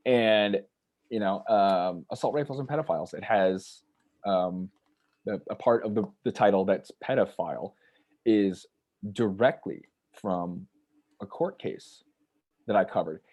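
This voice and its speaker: A man's voice: on the low side, unhurried, darkish tone, dull audio. A man telling stories in casual conversation as a guest, rambling and acting out the voices of people he quotes. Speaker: author and journalist guest.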